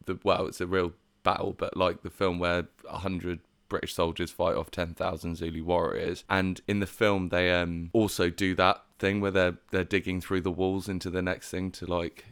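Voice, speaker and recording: Man, very deep voice, dry close sound, casual film chat, laughs and swears, podcast co-host. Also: normal speed, creaky, hardly any pauses, clean tone, dry recording. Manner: animated storytelling, laughs often, swears.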